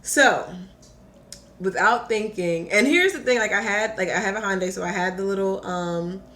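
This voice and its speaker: A young woman telling a personal story in casual chat, animated and full of "like", acting out her own quotes. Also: mid-range voice, normal speed. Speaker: podcast guest.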